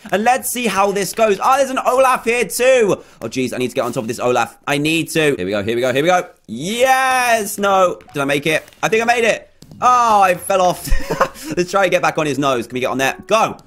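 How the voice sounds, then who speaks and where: A man hosting a gaming video, giving excitable let's-play commentary with lots of repeated phrases and panicked exclamations. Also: on the high side.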